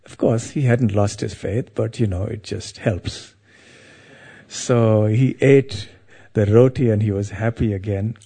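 Warm, husky man telling a devotional story. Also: lowish voice, fairly even intonation, a little slow. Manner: meandering, anecdotal, frequent "you know".

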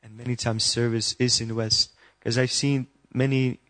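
Man asking a question from the floor, level monotone, dry close sound. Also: mid-range voice, normal speed, no room sound. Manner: listing points in a steady, even tone. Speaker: audience member asking a question.

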